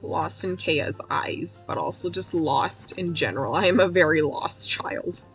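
A woman streaming a game, her voice going hoarse, rambling in a self-mocking way, cracking puns and laughing at herself. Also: fairly low pitch, expressive, a little slow, soft background music. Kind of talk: casual let's-play commentary.

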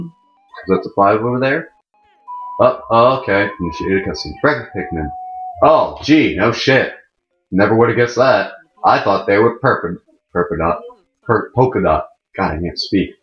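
A young man of about eighteen hosting a let's play, giving chatty, rambling commentary that keeps correcting itself. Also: fairly low pitch. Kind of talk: casual gameplay commentary. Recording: muffled mic in a wrong jack, echoey room. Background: faint game music.

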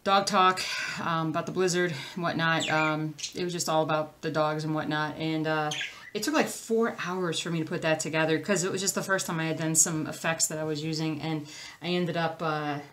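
A woman hosting her own crafting channel, talking casually and a little scattered to the camera. She wanders off topic and circles back. Her voice sits slightly low for a woman. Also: steady tone, brisk, a bit bright. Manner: rambling, easily sidetracked, chatty. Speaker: cross-stitch channel host.

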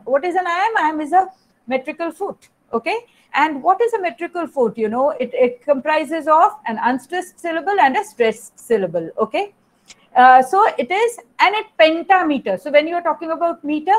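A woman teacher with an Indian English accent giving an online lecture, explaining step by step, repeating phrases and often adding "you know" and "okay". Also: high voice.

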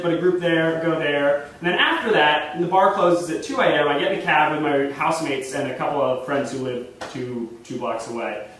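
A young man telling a funny story live on a theater stage, chatty and animated. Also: on the high side, slight background noise. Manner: animated, chatty, full of fillers and restarts. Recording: echoey live stage recording from far off.

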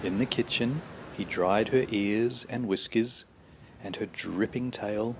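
A man reading a children's picture book aloud, with slow, expressive storytelling. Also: on the low side, slight background noise.

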